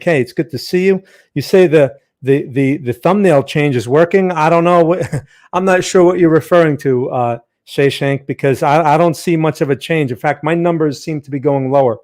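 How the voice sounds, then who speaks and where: A man's voice: fairly high pitch, a little mellow. A man hosting a live trading stream, chatting casually, greeting viewers by name, with frequent fillers and restarts.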